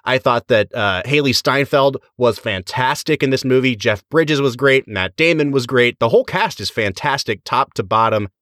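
A man's voice: medium pitch, moderate pace, few pauses, fairly bright tone, dry recording, clean studio sound. A man co-hosting a podcast, chatting enthusiastically with his co-host. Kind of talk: casual chat.

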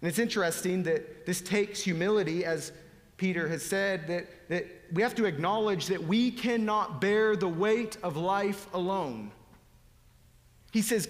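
A man preaching a sermon, dropping to hushed whispers and rising to loud, pleading appeals. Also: high-pitched, measured pace. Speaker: pastor. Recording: long hall reverb.

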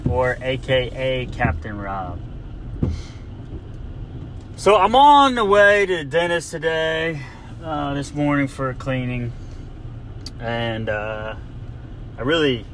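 While riding in a car, a man hosts his own podcast with a casual, comedic rant, rambling and exasperated, constantly saying "like" and restarting sentences. His voice is mid-range and fairly bright, with a little hiss or hum in the audio.

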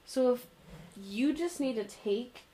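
A woman's voice: fairly high pitch, expressive, slow pace, mellow. A teenage girl in casual chat, telling school stories in an earnest way.

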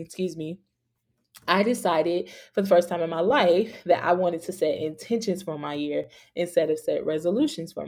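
Earnest woman podcaster with mellow voice. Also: fairly low pitch, gravelly. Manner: earnest, many fillers like "like" and "y'all". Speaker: podcast host. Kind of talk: casual faith podcast storytelling.

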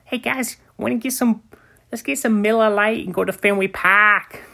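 A man voicing a rowdy male New England sports fan in a loud, high, boisterous put-on voice. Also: steady tone, normal speed, gravelly, exaggerated voice.

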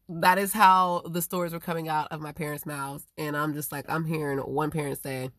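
A woman in a rambling, profane casual monologue, swinging between loud emphatic outbursts and low muttering. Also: brisk, dry recording, clean studio sound.

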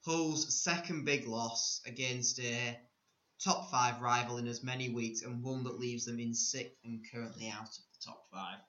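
A man's voice: medium pitch, steady tone, a little slow, bright, forceful tone. A man co-hosting a casual sports chat, talking with wry, teasing humour. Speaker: podcast co-host. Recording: echoey room, dull lo-fi sound.

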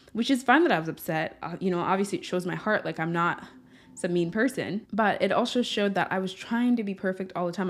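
Earnest woman host, low voice. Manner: earnest, candid, storytelling with many fillers. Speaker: podcast host. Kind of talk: personal reflective monologue.

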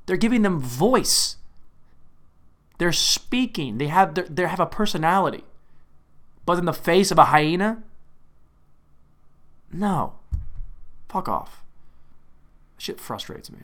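A young man hosting a casual comedic rant, animated and exasperated, with frequent swearing. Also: a little high, slow, pauses often. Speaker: host.

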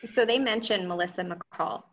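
A woman co-hosting a casual chat who gets excited easily and laughs often. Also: medium pitch, normal speed. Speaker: podcast co-host. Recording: slightly dull, lo-fi sound.

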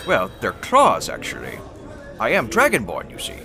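A man's voice: huge pitch swings, moderate pace, over music. A man voicing a theatrical, polite half-dragon man in improvised role-play, speaking grandly and formally. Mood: courtly. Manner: grandly formal, swoops between high and low.

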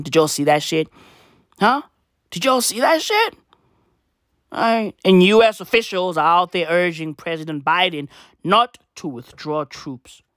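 A man's voice: on the high side, a bit bright, dry recording, clean studio sound. A man in a profane, rambling comedic rant who repeats his phrases and swears constantly. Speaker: vlogger.

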